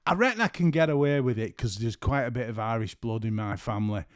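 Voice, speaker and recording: A man's voice: medium pitch, expressive, fast talker, smooth, no room sound, studio quality. A middle-aged man hosting a casual solo podcast from home, rambling and joking as he keeps breaking off mid-sentence. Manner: rambling, jokey, keeps interrupting himself. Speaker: podcast host and photographer. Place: at home after work.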